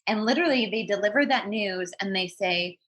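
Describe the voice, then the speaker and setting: A woman's voice: medium pitch, brisk, a bit bright. A woman in her thirties, a podcast guest telling a personal story in a candid, earnest way. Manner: earnest and candid, acts out what people said.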